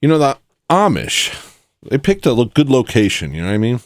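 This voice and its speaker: A man hosting satirical commentary, rambling and joking with loud sudden bursts. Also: mid-range voice, very animated, a little fast, dry recording. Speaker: commentary host.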